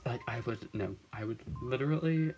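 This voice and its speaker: Teen vlogger, giggly and rambling, mid-pitched voice, faint background music. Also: male voice, a little fast, a little mellow. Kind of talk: casual storytime chat.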